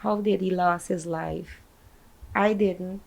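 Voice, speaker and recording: A woman's voice: on the low side, steady tone, vocal fry, darkish tone, rough recording. A woman with a Guyanese accent, a grieving mother telling a news reporter how she learned of her son's death, in distressed bursts. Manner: distressed, recounting events in rushed bursts. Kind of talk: emotional news interview.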